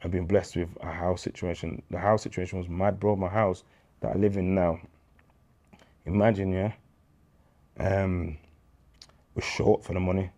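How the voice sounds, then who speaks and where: A man in his thirties with a very low, deep voice. He tells his faith story as an interview guest, in street slang, and acts out the dialogue. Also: little pitch movement, moderate pace, long pauses, warm tone. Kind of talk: candid faith testimony.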